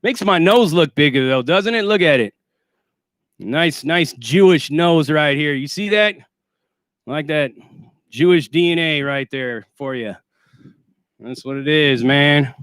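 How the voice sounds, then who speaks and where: Male streamer, sarcastic and foul-mouthed; bright, clear voice, dry close sound. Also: on the high side, expressive, a little slow, long pauses, dry recording. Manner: profane, sarcastic and boastful. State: shaky and winded after a workout. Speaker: livestream host. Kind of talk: casual livestream rant.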